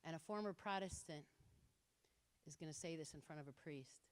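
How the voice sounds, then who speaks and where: A woman giving an impassioned talk to an audience, telling stories with lively quoted voices. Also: low-pitched, brisk. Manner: animated storytelling with quoted voices. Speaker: speaker. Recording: reverberant hall.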